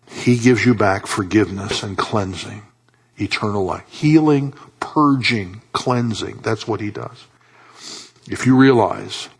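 A man with a low, husky voice preaches a sermon to his congregation. He pleads with them and repeats key words, swinging from urgent emphasis to soft, hushed delivery. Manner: impassioned preaching with sudden soft drops and pleading repetition. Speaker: pastor.

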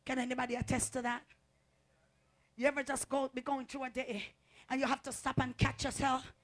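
Fervent high-voiced woman preacher. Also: little pitch movement, brisk. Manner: call-and-response, swings from low talk to shouting. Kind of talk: fervent sermon.

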